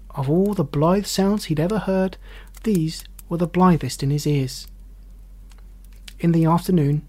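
A man reading a classic story aloud as narrator, expressive and measured. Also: a little high.

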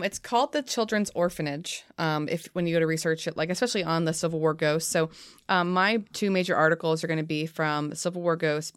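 A woman's voice: low-pitched, clean tone, dry recording, studio quality. A tired woman co-hosting a podcast, chatting casually and then telling a history story from her notes. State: tired, half asleep. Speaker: podcast co-host. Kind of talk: casual chat and read-out history.

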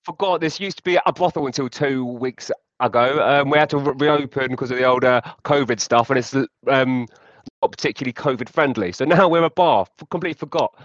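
A man's voice: medium pitch, fairly quick, a bit bright, no echo. Rambling man on a dull dry mic. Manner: casual, rambling, hesitant. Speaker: improv performer. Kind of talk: improv comedy scene.

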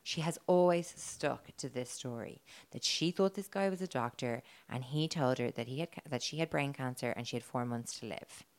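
A low-pitched woman co-hosting a casual podcast, chatty and giggly as she tells the story. She swears freely and keeps talking at an easy conversational clip. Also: normal speed, hardly any pauses. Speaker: podcast co-host telling the story.

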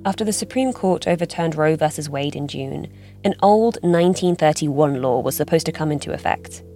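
Woman, reporter, very low voice, scripted narration, measured, faint music. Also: lively intonation, dark tone. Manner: measured, explanatory.

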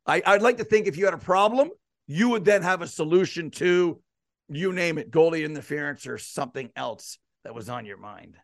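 A man hosts a sports talk show in an easy, conversational way. He asks pointed questions and slips into lively asides. His voice sits high, and the sound is dry and close-miked. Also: moderate pace, no room sound. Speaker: podcast host.

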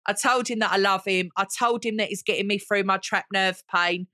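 A woman talks straight into a close mic, gushing and theatrical as she hosts her solo podcast. Her voice is bright and forceful, and the recording is dry. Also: mid-range voice, fairly even intonation, fairly quick, dry recording. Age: 40s. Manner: gushing, theatrical, calls listeners honey. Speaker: podcast host. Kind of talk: chatty solo podcast monologue.

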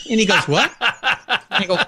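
Middle-aged male guest, swooping lively delivery, laughs a lot mid-story. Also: high-pitched, slightly rough, no room sound, studio quality. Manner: animated anecdotes, acts out quoted voices, laughs often. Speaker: podcast guest. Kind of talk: casual interview storytelling.

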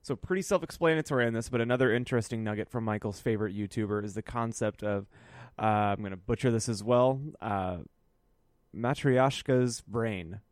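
Guy on a podcast, laughs a lot, animated, dry close sound. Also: mid-range voice, a little fast, dry recording. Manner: laughs often, animated storytelling. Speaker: podcast co-host. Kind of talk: casual chat.

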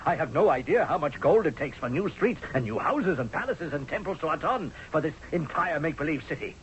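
A man's voice: on the high side, lively intonation, a little fast, a little hiss or hum, natural voice. An actor playing a blunt, sarcastic male army general in a 1970s radio drama. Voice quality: sarcastic, forceful. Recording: dull lo-fi radio recording.

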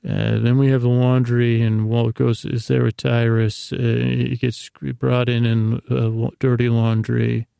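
For a sleep podcast, a heavily gravelly man at medium pitch drifts through a rambling bedtime recap, casual and meandering, full of fillers and restarts. His delivery is flat and slow-paced, barely rising or falling, in a close, dry recording.

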